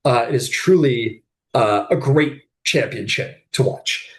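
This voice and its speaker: A man narrating as game master of a tabletop game, telling the scene in a lively, rambling way full of fillers. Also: medium pitch, unhurried.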